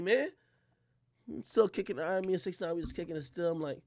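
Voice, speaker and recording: A man streaming, telling a story in a profane, animated rant and shouting at its peaks. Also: sits high, fast, dry recording.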